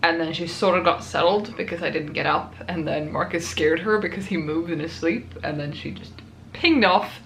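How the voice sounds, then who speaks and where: A woman's voice: fairly low pitch, normal speed, echoey room, slight background noise. A young woman vlogging about her writing in a rambling, self-amused, chatty way. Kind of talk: casual chat.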